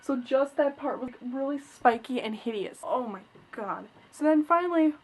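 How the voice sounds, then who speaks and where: A teenage girl vlogs to her webcam about a bad experience, her voice sitting a touch high. She rambles in a chatty way with plenty of "like," slipping into quoted voices and sounding increasingly exasperated. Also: lively intonation, moderate pace, darkish tone, slightly rough. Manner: chatty, retells scenes with quoted voices, lots of "like"; exasperated, complaining. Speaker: vlogger. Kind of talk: casual storytelling vlog.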